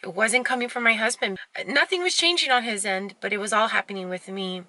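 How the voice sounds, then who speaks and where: A woman's voice: medium pitch, fairly quick, pushed and bright, no echo. A woman vlogging from home, speaking openly and confessionally in a conversational way with lots of fillers. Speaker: fitness vlogger. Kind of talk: candid personal vlog.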